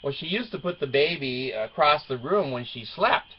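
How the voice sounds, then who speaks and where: A man's voice: mid-range voice, animated, moderate pace, a little hiss or hum. A middle-aged father telling a family story as a casual monologue, wry and joking, chuckling as he goes. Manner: wry and joking, chuckles through his stories. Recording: dull lo-fi recording.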